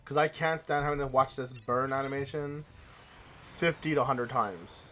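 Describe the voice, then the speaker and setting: A man's voice: mid-range voice, moderate pace, sharp tone, soft background music. A young man hosting a let's play, chatting in a rambling, casual way with frequent restarts. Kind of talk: casual gaming commentary.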